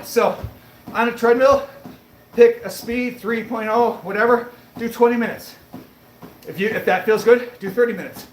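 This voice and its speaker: A man livestreaming while on a treadmill, chatting casually and answering viewer comments, a bit breathy as he talks between breaths. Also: sits high, echoey room, a little hiss or hum, poor audio. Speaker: fitness livestreamer.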